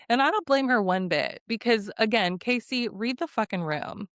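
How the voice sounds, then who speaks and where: A woman's voice: mid-range voice, expressive, a little slow, hardly any pauses, a bit bright, clear, resonant tone, dry recording, clean studio sound. A young woman recapping a reality TV episode in a casual, blunt and exasperated way.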